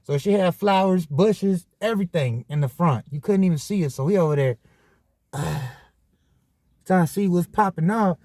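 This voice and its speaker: A man with a high voice telling a story on his podcast. His casual monologue is full of profane, animated street slang, and the sound is dry and close with no room echo. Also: moderate pace. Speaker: podcast host.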